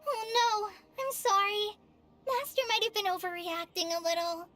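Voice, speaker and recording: Collei, shy soft-spoken young ranger. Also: female voice, very high voice, steady tone, moderate pace. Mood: apologetic. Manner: soft-spoken, hesitant, apologetic. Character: shy, gentle young female forest ranger. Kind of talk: video game cutscene voice acting. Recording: game audio with music underneath. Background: game background music.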